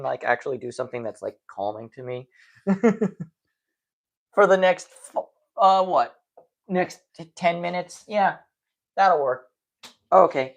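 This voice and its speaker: A tired man chatting casually on a live stream, rambling and poking fun at himself. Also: a little high. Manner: rambling, self-deprecating, tired.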